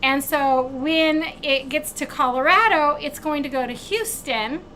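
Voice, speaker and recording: A woman hosting a craft vlog, telling a long travel mishap in a casual, animated way and acting out the quoted back-and-forth. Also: high-pitched, a little slow, a little hiss or hum, rough recording. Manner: animated retelling, acts out quoted exchanges. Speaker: craft channel host.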